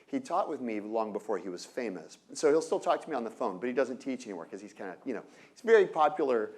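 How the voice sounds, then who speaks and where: A man giving an energetic lecture on innovation to an audience, often asking rhetorical questions and breaking off into quick asides. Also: medium pitch. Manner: energetic, peppered with rhetorical "right?"; asides and self-corrections.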